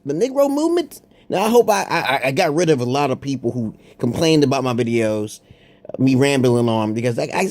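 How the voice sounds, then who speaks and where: A man's voice: medium pitch, a little mellow. A man rambling through a profane, confrontational monologue to his viewers, with frequent "okay?" asides. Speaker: online commentator.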